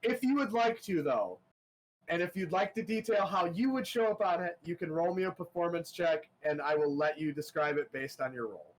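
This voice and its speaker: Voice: medium pitch, normal speed, rough recording. Rambling game master narrating a scene. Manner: rambling, full of fillers and laughs.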